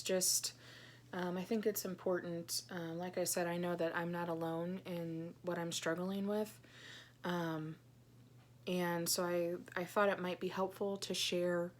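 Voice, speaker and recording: A woman in her thirties, a Christian blogger, speaking softly and hesitantly with many ums as she reads her own journal aloud in a personal vlog. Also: on the low side, slight background noise. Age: 30s. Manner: earnest and heartfelt.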